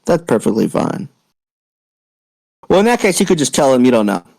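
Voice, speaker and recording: A man's voice: medium pitch, big pitch swings, vocal fry, darkish tone, no room sound, low-quality recording. Casual game master man, dry sound. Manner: casual, swears, talks fast. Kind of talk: narrating a tabletop game.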